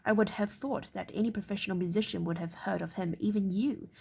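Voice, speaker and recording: A woman's voice: mid-range voice, steady tone, a little fast, gravelly, darkish tone, husky. A woman voicing a haughty, touchy male castle lord in a read-aloud novel, stern and clipped, sometimes stumbling over words. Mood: irritable.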